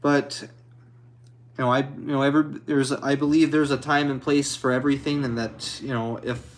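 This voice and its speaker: A man streaming and answering viewer comments in a halting, hesitant way, apologetic and a little anxious. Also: mid-range voice, flat delivery. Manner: halting, hesitant, with many restarts; apologetic and modest. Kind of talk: casual live chat.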